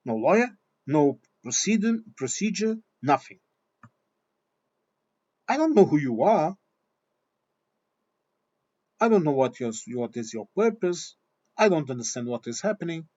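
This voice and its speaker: A man's voice: a little high, big pitch swings, measured pace, pauses often, a little mellow. Blunt, swearing man on a dull recording. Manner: blunt, swearing, repeats himself. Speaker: vlogger. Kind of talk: opinion monologue.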